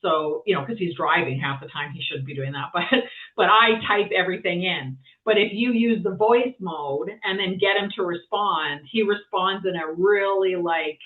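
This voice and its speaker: A woman's voice: on the low side, normal speed. A woman guest chatting casually, rambling with lots of fillers and restarts. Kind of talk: casual conversation. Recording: tinny phone-like sound from far off.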